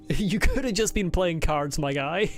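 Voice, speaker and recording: A woman's voice: fairly low pitch, lively intonation, takes it slowly, soft background music. A woman playing a game and talking as she goes, swearing, joking sarcastically and laughing. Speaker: gaming channel host. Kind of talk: casual game commentary.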